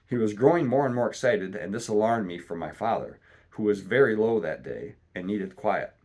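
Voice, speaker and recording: A man reading a classic adventure storybook aloud in a steady, measured way. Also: on the low side. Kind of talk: storybook read-aloud narration.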